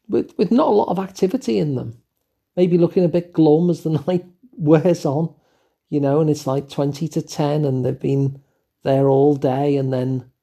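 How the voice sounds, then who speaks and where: Gentle, mellow-voiced older English man. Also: on the high side, husky. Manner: gentle, musing, with fillers and asides. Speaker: host. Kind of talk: reflective solo talk.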